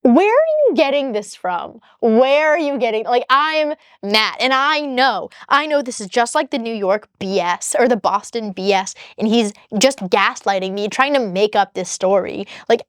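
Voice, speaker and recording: A woman's voice: on the high side, expressive, moderate pace, few pauses, dry recording, clean studio sound. A woman vlogger telling her own story, heated and exasperated as she reads out text messages. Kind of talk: casual storytelling vlog.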